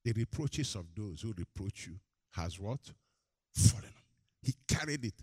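Preacher with call-and-response delivery. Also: male voice, normal speed, husky, no room sound. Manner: call-and-response, has the congregation finish verses; animated storytelling, climbs high and loud in anecdotes. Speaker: pastor. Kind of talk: preaching sermon.

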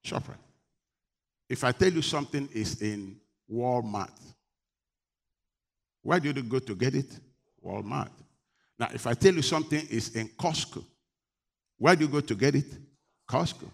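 A middle-aged man from Nigeria preaching a sermon as pastor, animated and joking, teasing his congregation. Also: mid-range voice, measured pace, creaky, pauses often.

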